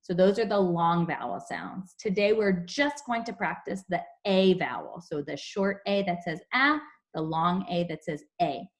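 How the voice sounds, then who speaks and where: A young woman teaching a phonics lesson to young children over a video call, explaining slowly and clearly. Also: on the low side, darkish tone. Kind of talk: online class phonics lesson.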